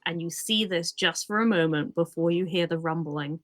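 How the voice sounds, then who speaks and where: A woman's voice: on the low side, normal speed. A woman narrating a tabletop role-playing game as game master, playful and laughing often.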